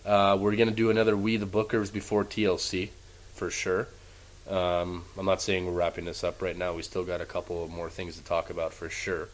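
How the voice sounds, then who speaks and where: A man's voice: low voice, completely flat delivery, brisk, poor audio. A man co-hosting a casual wrestling podcast, swearing freely and ranting with heat. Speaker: podcast co-host.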